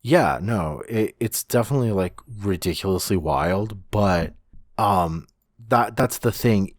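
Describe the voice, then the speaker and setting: A man's voice: fairly low pitch, expressive, a little slow, no room sound, studio quality. A man co-hosting a podcast in casual chat, rambling with many restarts and the odd swear. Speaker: podcast co-host.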